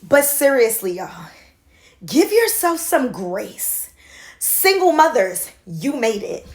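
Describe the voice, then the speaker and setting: A woman in her forties giving a passionate motivational talk to her phone camera, swinging between shouting and soft confiding. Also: high-pitched, very animated, slow pace. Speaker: motivational vlogger. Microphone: handheld phone camera.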